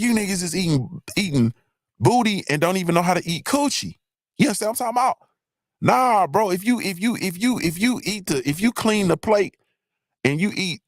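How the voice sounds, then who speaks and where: A man's voice: high voice, dry recording, studio quality. A man hosting a live online show, ranting in a casual, profane, repetitive way. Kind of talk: casual comedic rant.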